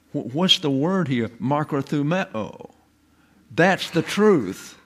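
A man teaching the Bible to a class, stressing Greek words, asking rhetorical questions and often restarting his sentences. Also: mid-range voice. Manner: emphatic, repeats words and stresses Greek terms.

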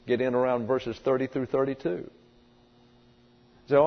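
Preacher with long hall reverb. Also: male voice, mid-range voice, highs cut off. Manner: emphatic, drawn-out stresses with rhetorical questions. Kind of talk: sermon. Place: church or lecture hall with congregation.

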